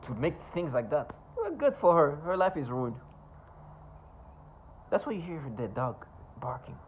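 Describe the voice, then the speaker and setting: A male vlogger speaks to camera in a scornful, sarcastic monologue that rambles, halts and restarts, with many asides. His voice is medium-pitched, the recording has its highs cut off, and there is slight background noise.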